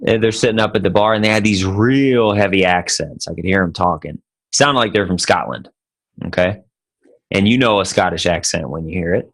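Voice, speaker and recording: A man hosting a podcast with his buddy, his voice sitting low. He talks casually and tells a joke in a loose, laid-back way. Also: a little fast, gravelly, fairly bright tone. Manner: joking, laid-back storyteller. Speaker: podcast co-host.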